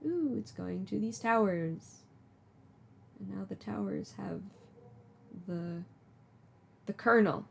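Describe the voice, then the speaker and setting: A woman's voice: medium pitch, takes it slowly, creaky, long pauses, slight background noise. A woman streamer reading a webcomic aloud, with chatty, self-deprecating asides. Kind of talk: casual live reading with commentary.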